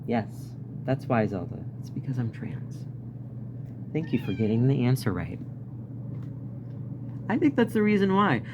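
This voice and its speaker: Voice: mid-range voice, big pitch swings, unhurried, long pauses, lo-fi sound, background noise. A vlogger telling a story in a casual, rambling rant, swearing often and laughing now and then. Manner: profane, rambling, frequent laughs.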